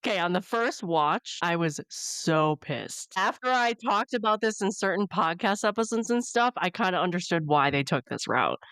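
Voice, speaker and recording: Woman, podcast co-host, low register, measured explainer, dry close recording. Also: expressive, fairly bright tone, clear, resonant tone, dry recording. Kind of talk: casual review chat.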